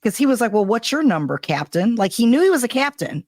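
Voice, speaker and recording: A woman's voice: a little high, sing-song, fast, a little mellow, dry recording, clean studio sound. A woman co-hosting a casual fan podcast, talking in a chatty, blunt way. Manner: chatty, blunt, laughing along. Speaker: podcast co-host. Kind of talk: casual chat.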